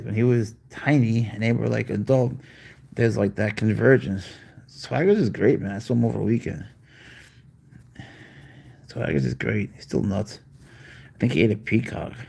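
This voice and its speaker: Guy rambling on his live stream, answering chat, low husky voice. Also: darkish tone. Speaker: pet owner hosting a live stream.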